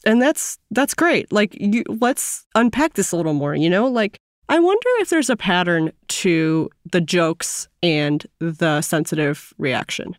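A woman with a fairly low voice reflects on a listener's question on a casual advice podcast. She talks in a thoughtful way. The sound is close and dry. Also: animated, unhurried, dry recording.

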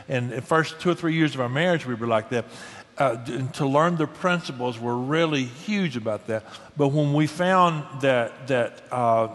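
An older man talking in an earnest, folksy way, offering practical advice and leaning into his stories with energy. His voice sits at an ordinary middle pitch and trails a long reverb, as if heard in a big echoing space. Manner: earnest, folksy, animated storytelling. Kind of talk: conversational advice.

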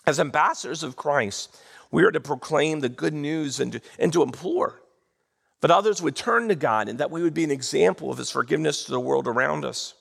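A man preaching a sermon in church, animated and drawing responses from the congregation. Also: on the high side, fairly quick, vocal fry, slightly rough. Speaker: pastor. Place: church sanctuary.

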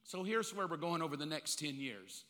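A male pastor preaching a sermon in a blunt, animated way, acting out bits of dialogue as he goes. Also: on the high side, moderate pace. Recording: long reverb of a large hall.

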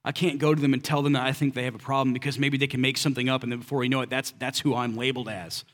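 A man's voice: medium pitch, flat delivery, racing, a bit bright. Casual, conversational preacher man. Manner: conversational preaching with rhetorical questions; casual and direct, slips in slang. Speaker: pastor. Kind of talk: sermon.

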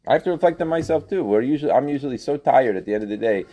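A man teaching a religious text class, animated, questioning students and repeating phrases as he explains. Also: mid-range voice, very fast, lo-fi sound. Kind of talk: interactive class lecture.

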